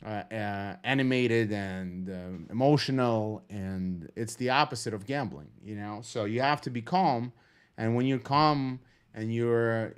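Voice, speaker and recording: A man giving casual, rambling commentary on a live trading stream, calm and low-key, swearing freely and full of fillers and restarts. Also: unhurried, clear, resonant tone.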